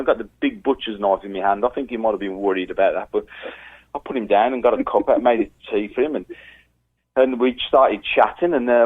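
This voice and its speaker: Male guest, lively raconteur, middle register, phone-line sound. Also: medium pitch, a little fast, slightly rough. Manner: animated storyteller, acts out quotes with a raised voice. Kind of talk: casual storytelling chat.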